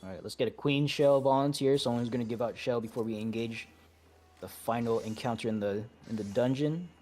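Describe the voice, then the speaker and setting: A man leading a game raid over voice chat, talking in a relaxed, halting way with many fillers and restarts. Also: mid-range voice. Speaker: raid leader.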